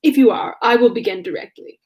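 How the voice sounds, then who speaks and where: A woman reading aloud and voicing a witty, teasing young gentleman with mock-formal manners. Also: a little high, fairly quick, close to an everyday voice. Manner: mock-formal, then simpering when he affects a pose.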